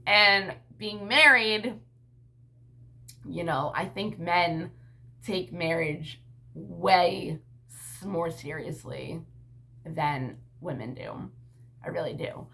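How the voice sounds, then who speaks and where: A woman's voice: fairly low pitch, very slow, creaky, pauses often, pushed and bright. A woman talking to her camera in a casual vlog, rambling bluntly with frequent swearing and lots of "like" and "you know.". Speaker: vlogger and mother.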